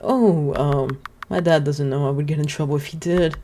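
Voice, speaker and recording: A woman's voice: low voice, fairly even intonation, moderate pace, mellow, a little hiss or hum, close to an everyday voice. A woman voicing a shy, polite little scarecrow boy from a video game, sounding eager and earnest. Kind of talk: reading game dialogue aloud.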